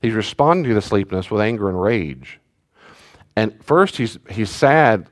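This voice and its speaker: A man, a pastor teaching a church study class in a relaxed, conversational way with joking asides to the group. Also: fairly low pitch, moderate pace.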